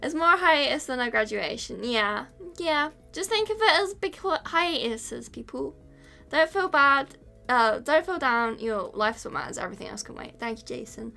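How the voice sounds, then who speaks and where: Woman streamer, high and bright, giggly, emotional, thanking chat. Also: lively intonation, moderate pace, creaky. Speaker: VTuber streamer. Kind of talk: casual live-stream chat.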